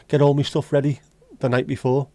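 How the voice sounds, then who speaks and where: A man's voice: medium pitch, level tone, a little fast, mellow, no room sound. A man with a Liverpool accent hosting a casual livestream, bantering bluntly and swearing as he chats with viewers. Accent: Liverpool (Scouse). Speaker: livestream host. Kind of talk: casual live-stream chat.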